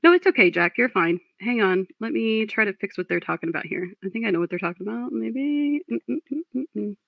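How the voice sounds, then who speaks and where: A woman's voice: mid-range voice, lively intonation, fast talker, vocal fry, dry recording. A woman hosting a livestream, talking casually and reading chat, frustrated and blunt, swearing at trolls. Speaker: livestream host. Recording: dull lo-fi stream audio.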